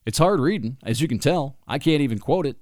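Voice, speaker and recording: Animated man, lively pitch. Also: a little fast, dry recording, clean studio sound. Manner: animated, sarcastic asides, laughs often. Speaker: commentator reading from a book. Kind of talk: opinionated monologue.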